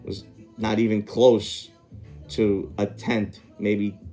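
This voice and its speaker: Speaking slowly in a fairly low, warm voice with a level tone, a male podcast host works through a long, casual story over faint background music. He keeps wandering off, correcting himself and pausing to pin down details.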